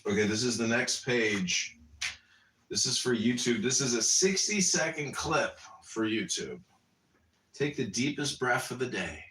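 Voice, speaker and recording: Forceful man in an echoey room. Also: medium pitch, expressive, a little slow. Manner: blunt, joking, crude. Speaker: podcast host. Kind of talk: casual chat and story reading. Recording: roomy, distant mic.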